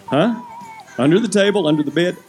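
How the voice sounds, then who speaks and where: A man's voice: high voice, expressive, a little fast, a little mellow, rough recording. Guy preaching, does the voices for his story, faint music behind him. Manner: acts out characters' voices, asks the audience questions. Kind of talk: animated sermon storytelling.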